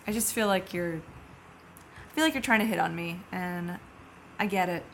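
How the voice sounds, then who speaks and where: A woman's voice: on the low side, a little slow, a little hiss or hum. A young woman improvising a guarded, blunt young witch on an awkward date, in a dry, wary manner. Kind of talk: improvised comedy scene.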